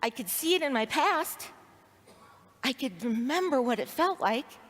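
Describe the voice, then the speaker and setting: A woman's voice: sits high, expressive, unhurried, a bit bright. A woman giving a personal story speech to an audience, expressively acting out her inner voice. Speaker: speaker at a leadership training event. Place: large hall with audience. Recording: reverberant hall sound.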